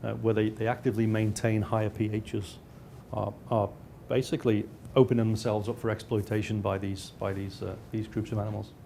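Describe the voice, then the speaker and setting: A man's voice: on the low side, flat delivery, brisk, vocal fry, few pauses, dark tone, a little hiss or hum. A male researcher giving a slide lecture, with frequent restarts and dry, self-mocking asides.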